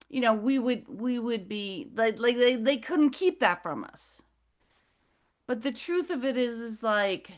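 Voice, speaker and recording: A middle-aged woman telling a rambling personal story as a guest speaker, losing her thread and apologizing as she goes. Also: on the high side. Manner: scattered, loses her thread, apologetic asides.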